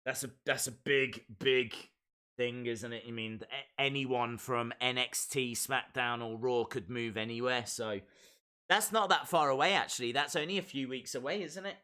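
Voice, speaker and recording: A man's voice: medium pitch, fairly even intonation, normal speed, sharp tone. A man hosting a casual live stream, chatting and reading viewer comments aloud with lots of repeated phrases.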